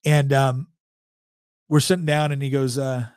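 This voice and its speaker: A man's voice: mid-range voice, level tone, a little slow, darkish tone, clear, resonant tone, dry recording, clean studio sound. A man in his forties telling a personal story as a podcast guest, chatty, laughing often and restarting sentences. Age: 40s. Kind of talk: casual storytelling.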